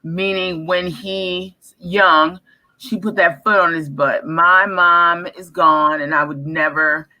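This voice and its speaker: A woman's voice: on the low side, steady tone, takes it slowly, bright, forceful tone, low-quality recording. A woman guest on a talk show, who asks blunt, incredulous questions in casual banter.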